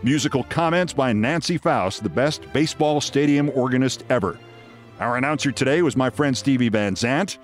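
A man hosting a podcast, reading a short story aloud in a lively storytelling manner. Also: moderate pace, faint music behind. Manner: lively storytelling, jumps high for quoted shouts. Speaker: podcast host.

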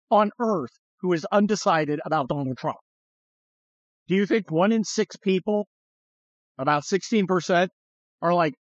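Speaking on the high side, a man hosts a podcast of casual political talk, sarcastic and blunt, with occasional swearing and mocking impressions. There's no room sound, and the recording comes across muffled.

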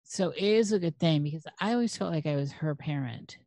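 Low-voiced woman interview host. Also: brisk, no echo. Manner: warm, curious questioner who laughs along. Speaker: podcast host. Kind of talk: conversational interview.

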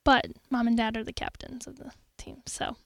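A young woman chatting as a guest, laughing often and acting out quick quotes. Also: on the high side, steady tone, creaky, fairly bright tone, no room sound, clean studio sound. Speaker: podcast guest. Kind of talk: casual interview conversation.

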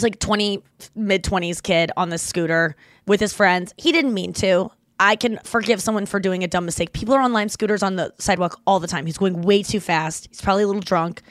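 A woman co-hosting a podcast, telling a rambling, animated story in casual chat and swearing freely. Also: mid-range voice, brisk, no echo, clean studio sound. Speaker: podcast co-host.

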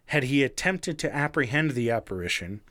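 A man's voice: medium pitch, lively intonation, brisk, fairly bright tone. A man casually recounting a crime story, swearing freely and laughing as he goes. His talk is loose, full of restarts and fillers. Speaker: podcast co-host telling a true crime story. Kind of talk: casual chat.

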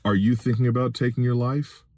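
A man's voice: mid-range voice, fairly even intonation, fairly quick, darkish tone, no room sound, studio quality. A middle-aged man hosting a Christian podcast from his vehicle, preaching in an earnest, pleading way and raising his voice for emphasis. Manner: earnest, pleading, rises to raised emphatic appeals. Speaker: podcast host and Christian minister.

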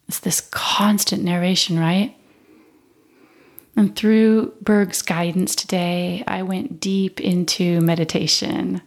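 A woman hosts a spiritual podcast with a slightly low, soothing voice. She talks in a calm, reflective way. At times she eases into the soft, slow delivery of a guided meditation. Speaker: podcast host and spiritual coach. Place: home in Spain.

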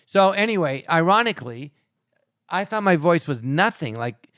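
A man with a slightly high voice tells quick, rambling stories in a casual chat, slipping into little impressions of the people in them. The sound is close and dry, with no room around it. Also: big pitch swings, fairly bright tone, no room sound. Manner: fast rambling, acts out voices. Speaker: podcast guest.

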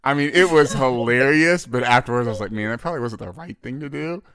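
A man in his thirties co-hosting a podcast, telling animated stories and mimicking voices. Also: mid-range voice, fast. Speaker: podcast co-host. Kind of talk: casual chat.

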